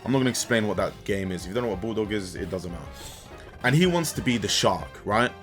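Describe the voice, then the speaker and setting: A young man in casual gaming commentary, an animated storyteller who swears and keeps tagging "right?" as he vents about coaching. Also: on the low side, fast, soft background music. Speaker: gaming YouTuber and kids' sports coach. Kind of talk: casual ranting commentary over gameplay.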